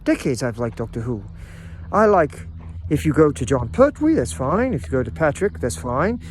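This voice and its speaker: A man's voice: medium pitch, big pitch swings, normal speed, a little hiss or hum. A middle-aged man vlogging in a casual, rambling monologue, with frequent stammers and restarts.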